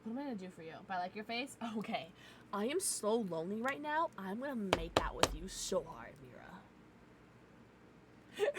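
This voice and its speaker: A young woman streamer chatting casually with her viewers from a home setup, loud, giggly and profane, her nose stuffed up from crying. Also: fairly high pitch, noisy background. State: congested from crying. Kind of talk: casual livestream chat.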